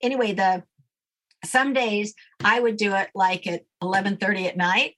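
Woman guest, self-assured coach, plain mid-pitched voice, matter-of-fact delivery. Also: steady tone, normal speed, sharp tone, slight background noise. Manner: confident, matter-of-fact instructions. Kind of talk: instructional interview talk.

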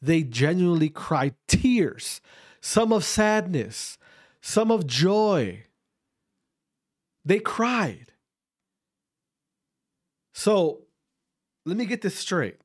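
Slow, animated, blunt ranting voice. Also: medium pitch. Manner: emphatic, repeats rhetorical questions; blunt, swears for emphasis. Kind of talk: opinion rant to camera.

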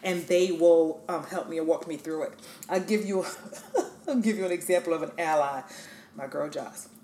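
Low-voiced woman giving a motivational talk. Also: normal speed, warm tone, a little hiss or hum. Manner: emphatic, encouraging, speaks straight to the listener. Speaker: podcast host. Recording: echoey room.

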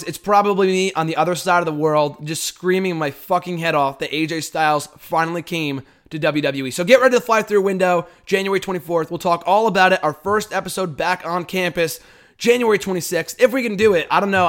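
A man hosting a wrestling podcast, excitable and rambling, swearing casually as he chats. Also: sits high. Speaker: podcast host.

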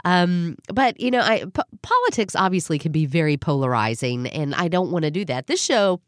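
A middle-aged woman hosting a radio show, breathy and congested from a cold, chatting in a friendly, self-deprecating way and laughing often. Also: fairly low pitch, lively intonation, normal speed, no room sound, clean studio sound. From Southern United States. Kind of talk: casual podcast monologue.

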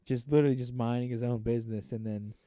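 A man's voice: mid-range voice, steady tone, fast talker, mellow, no echo, studio quality. A man hosting a podcast in casual chat, cursing a lot and rambling while acting out movie quotes. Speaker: podcast host.

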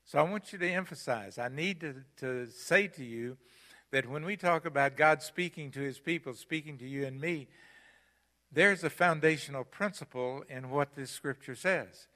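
Echoing through a church sanctuary, an older guest preacher's fairly high, sharp-toned voice delivers his sermon at normal speed. He is emphatic and keeps repeating his key lines.

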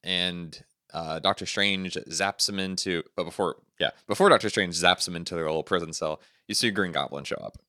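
Deep, bright-toned man recapping a movie. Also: moderate pace, no echo, clean studio sound. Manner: laughs often, recaps plot with jokes. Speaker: podcast co-host. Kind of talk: casual movie review chat.

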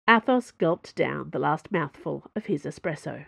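A woman reading a science-fiction adventure novel aloud as an audiobook narrator, expressive and varied. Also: low-pitched, measured pace, creaky, hardly any pauses, no echo. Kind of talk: scripted narration.

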